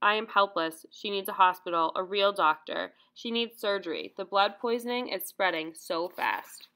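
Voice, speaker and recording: A woman reading as a gentle, brave young doctor. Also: mid-range voice, normal speed. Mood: calm, earnest. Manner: soft, calm, pleading.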